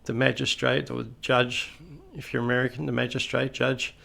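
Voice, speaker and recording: Gravelly middle-aged Australian man. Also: mid-range voice, monotone, normal speed, sharp tone. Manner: conversational, folksy asides. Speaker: retired police officer storyteller. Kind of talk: casual anecdotal storytelling.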